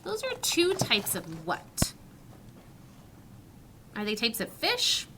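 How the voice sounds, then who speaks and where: A woman teacher reading a story to young children, asking questions and modelling sounds slowly and clearly. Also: fairly high pitch, wildly swooping pitch, background noise. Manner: slow, clearly articulated, questioning.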